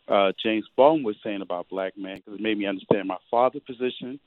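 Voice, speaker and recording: A man's voice: fairly low pitch, no room sound. A man calling in to a radio show, effusive and emotional as he gushes his thanks. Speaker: caller. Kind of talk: call-in radio. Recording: dry tinny phone line.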